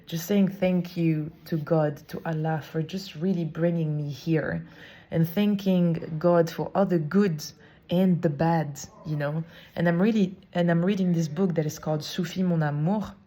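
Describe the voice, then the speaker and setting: A woman hosting a podcast, telling a personal story in a casual, expressive monologue with fillers slipped in. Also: deep voice, a little slow. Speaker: podcast host.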